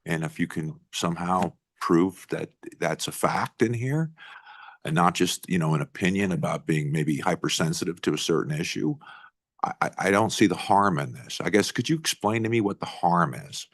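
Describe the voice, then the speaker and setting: A man's voice: sits low, lively intonation, normal speed. A middle-aged man, a state senator, questioning a witness in a committee hearing in a blunt way, with frequent restarts. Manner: blunt, repeats himself, restarts often.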